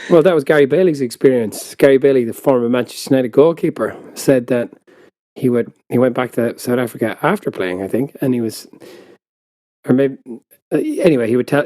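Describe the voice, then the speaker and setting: A man co-hosting a book chat in a relaxed, dry-humoured way. His voice is mellow and warm, recorded close and dry with no room sound. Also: medium pitch, no room sound. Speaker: podcast co-host. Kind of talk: casual chat.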